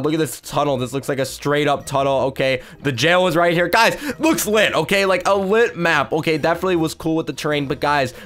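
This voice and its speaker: A young man hosting a gaming video, giving excited play-by-play and shrieking in mock panic. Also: a little high. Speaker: YouTube gaming host. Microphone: desk mic with face cam.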